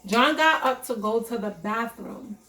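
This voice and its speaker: Animated, profane young woman telling a story. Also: on the high side, measured pace, reverberant. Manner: animated, profane, emphatic retelling. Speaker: vlogger. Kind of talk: casual storytime vlog.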